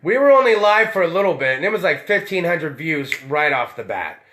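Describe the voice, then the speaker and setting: A man's voice: fairly high pitch, sing-song, brisk, a bit bright. A man hosting a live-streamed show, talking in a loose, tipsy, heavily profane way. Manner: rowdy, tipsy, swears a lot. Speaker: podcast host.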